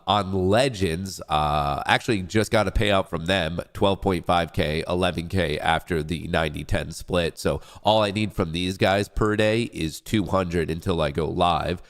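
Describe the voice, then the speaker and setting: Between updates on his casual trading livestream, a young man rambles, jokes about himself, and hypes himself up. He sounds congested, with a low-pitched, fairly even voice, a moderate pace, and few pauses.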